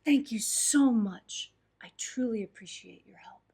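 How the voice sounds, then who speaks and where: A woman voicing a humble old male guru in a soft whisper while telling a parable. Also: fairly high pitch, measured pace, breathy edge.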